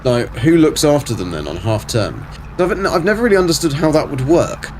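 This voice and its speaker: A man's voice: fairly high pitch, animated, fairly quick, darkish tone, a little hiss or hum. A middle-aged man on a casual live game stream, answering chat and muttering to himself as he plays.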